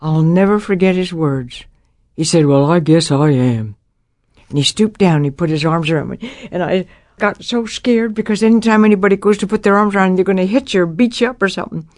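A woman's voice: mid-range voice, fast, a little mellow, no echo, clean studio sound. An older woman giving a Christian testimony about her life, telling it dramatically and acting out the voices of the people in her story.

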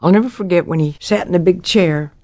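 A woman's voice: on the low side, fairly quick, darkish tone, no room sound, clean studio sound. An older woman giving a Christian testimony about her life, telling it dramatically and acting out the voices of the people in her story.

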